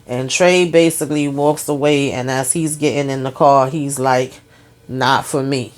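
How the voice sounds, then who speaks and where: A woman's voice: extremely low pitch, steady tone, measured pace, darkish tone. A woman hosting a casual TV episode recap, chatty and talking straight to her viewers. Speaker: TV recap host.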